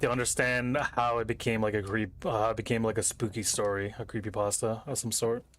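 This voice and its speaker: A man's voice: on the low side, steady tone, brisk, a bit bright, slight background noise. A young man streaming a game from home, thinking aloud in casual, rambling commentary as he reads puzzle text on screen.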